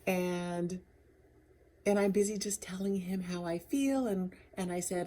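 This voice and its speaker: A woman's voice: fairly low pitch, fairly even intonation, unhurried, dark tone. A woman talking candidly in a personal video diary, rambling and laughing often between thoughts. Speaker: vlogger.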